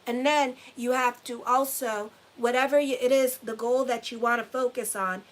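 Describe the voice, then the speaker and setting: A woman's voice: fairly high pitch, fairly even intonation, normal speed. A middle-aged woman astrologer talking casually to her viewers, blunt and swearing freely, repeating phrases for emphasis. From Haitian heritage. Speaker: astrologer and tarot reader. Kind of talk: casual motivational talk to viewers.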